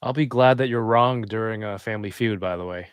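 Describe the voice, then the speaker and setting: A man's voice: on the low side, brisk, clean tone, no echo, clean studio sound. A man co-hosting a podcast, joking and teasing the others in casual chat. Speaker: podcast co-host.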